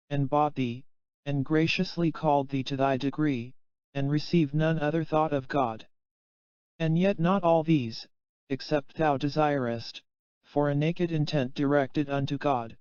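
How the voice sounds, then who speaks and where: A man reads a spiritual text aloud in a slow, solemn, measured way. His voice is smooth and sits a little high for a man. The recording is dry and somewhat muffled. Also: darkish tone, no room sound. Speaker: audiobook reader. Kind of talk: scripted reading of a spiritual text. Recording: dull, muffled, dry sound.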